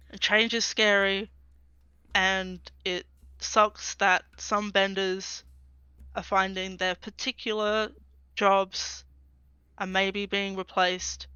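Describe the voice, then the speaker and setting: A woman's voice: medium pitch, pushed and bright, clear, resonant tone, no room sound, highs cut off. A woman playing a tabletop role-playing game, speaking earnestly in character. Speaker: player.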